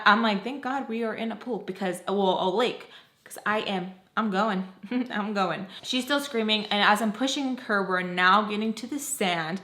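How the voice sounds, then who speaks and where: A woman's voice: medium pitch, bright, forceful tone. A woman vlogger telling a dramatic story, rambling and emotional, filling her talk with "like". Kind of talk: storytime vlog. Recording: echoey room.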